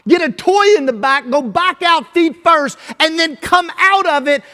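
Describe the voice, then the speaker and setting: A man's voice: very high voice, expressive, unhurried, pushed and bright. A man with a Kentucky accent giving a folksy, joking conference keynote as a school superintendent, often asking "right?". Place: large conference hall. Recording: long hall reverb with faint music.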